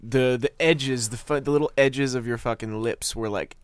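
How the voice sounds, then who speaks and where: A man's voice: mid-range voice, fairly even intonation, normal speed, clean tone, no room sound, studio quality. A young man chatting casually on a podcast, musing aloud about childhood memories in an earnest, rambling way. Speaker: podcast co-host. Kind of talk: casual chat.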